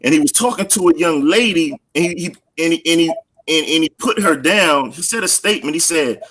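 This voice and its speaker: Bright, husky man speaking earnestly. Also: a little high, a little fast, low-quality recording. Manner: earnest, repeats words when fired up, preacherly. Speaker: minister. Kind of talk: casual panel talk.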